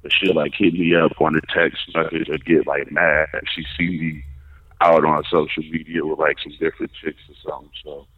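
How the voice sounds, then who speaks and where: A man's voice: extremely low pitch, flat delivery, fairly quick, breathy edge. A man calling in to a radio show, talking hesitantly and rambling with fillers. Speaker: caller. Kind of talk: casual phone call. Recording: tinny phone line.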